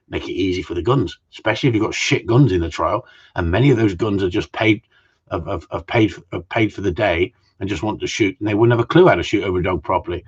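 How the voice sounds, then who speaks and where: A middle-aged gundog trainer hosts a casual live-stream Q&A, ranting bluntly and swearing freely as he rambles through his opinions. His deep voice is slightly rough, and the live-stream mic sounds muffled.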